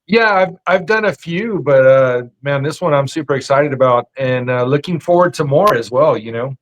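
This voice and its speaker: An easygoing man speaks as a chef guest on a casual podcast. His talk is relaxed and loose, and he fills pauses with "uh" and "man". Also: medium pitch, low-quality recording. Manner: easygoing, says "man" and "uh" a lot. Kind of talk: casual chat.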